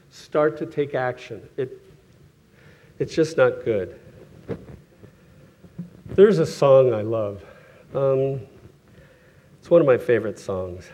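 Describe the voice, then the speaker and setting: Middle-aged man, preacher, casual storytelling sermon, self-correcting, soft chuckles, acts out quotes, average pitch. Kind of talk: sermon with personal stories.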